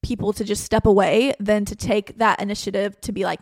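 A woman's voice: mid-range voice, a little fast, hardly any pauses, no echo, clean studio sound. A young woman, a podcast host candidly telling a personal story in a chatty way, often saying "like". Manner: chatty, frequent "like", quotes herself and others in lively voices.

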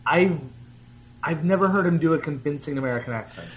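A man's voice: a little high, fairly quick, a little hiss or hum, low-quality recording. A man in casual conversation about films, often restarting his sentences. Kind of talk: casual film discussion.

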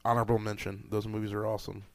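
Casting: excitable male co-host, gravelly lower voice, dry close sound. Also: very fast, no echo. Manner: enthusiastic, gets worked up. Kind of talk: casual chat.

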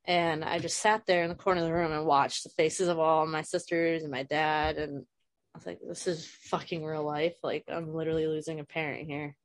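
A woman's voice: low-pitched, little pitch movement, fairly quick, no room sound. A woman in her thirties, a guest speaking frankly and emotionally about loss, swearing casually, on a video call. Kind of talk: candid personal conversation.

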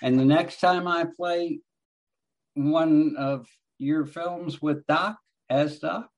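Slow-talking, wry male guest. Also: a little high, fairly even intonation. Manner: slow, wry, self-deprecating. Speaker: actor, guest. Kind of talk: casual interview.

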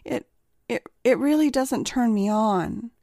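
A woman voicing a nervous young man who stammers and pleads in a breathy, girlish voice. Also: high voice, big pitch swings, takes it slowly, darkish tone, dry recording, studio quality, pitched above the performer's own voice, exaggerated voice. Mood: flustered pleading.

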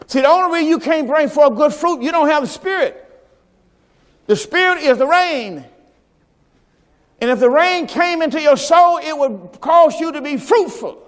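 High-voiced preaching man in a reverberant church. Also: expressive, moderate pace. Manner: preaching with call-and-response, rising to shouts; storytelling with acted quotes and sound effects. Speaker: pastor. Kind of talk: sermon. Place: church sanctuary. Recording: church service recording with long hall reverb and faint music.

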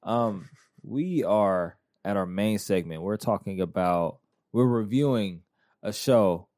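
A man hosting a casual podcast chat, rambling and halting with many fillers. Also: fairly low pitch, expressive, a little mellow, no room sound, studio quality. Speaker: podcast host.

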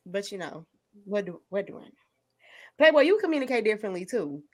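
A woman's voice: medium pitch, fairly quick. A woman hosting a podcast, telling stories in casual chat and laughing often as she talks. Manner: laughs often, animated storytelling. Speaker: podcast host.

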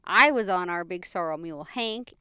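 A woman telling a story in casual chat, animated and laughing often, with playful sound effects. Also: fairly low pitch, moderate pace, smooth, dry recording, clean studio sound.

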